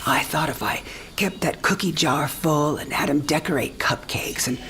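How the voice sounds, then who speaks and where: Dying elderly woman, low voice, teasing and tender, faint score behind. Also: normal speed, a bit bright, soft background music. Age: older. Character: dying old woman, warm and wry. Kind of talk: game cinematic voice acting.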